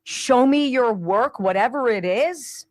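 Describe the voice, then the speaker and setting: A woman's voice: a little high, dry recording. A middle-aged woman runs a talk radio show, her voice leaping up and down as she riffs with biting sarcasm. The sound is dry and close, with no room around it. She tosses in snappy impressions of the people she talks about. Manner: animated and sarcastic, putting on quick voices for quoted people. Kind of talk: opinionated talk radio monologue.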